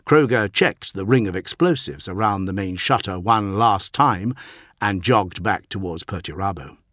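A man's voice: low voice, normal speed, no room sound, clean studio sound. A man narrating an audiobook in a dramatic storytelling manner. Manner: dramatic, even-paced storytelling.

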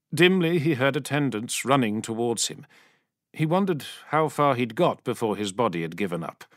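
A man reading a story aloud as an audiobook narrator in a dramatic, expressive manner. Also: mid-range voice, no room sound, clean studio sound.

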